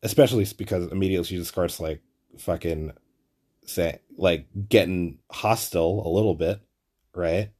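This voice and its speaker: A man's voice: low voice, moderate pace. A man hosting a podcast, telling a rambling, profane story with lots of fillers and restarts, acting out the people he quotes. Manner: acts out quoted people in animated bursts. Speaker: podcast host. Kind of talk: casual storytelling monologue.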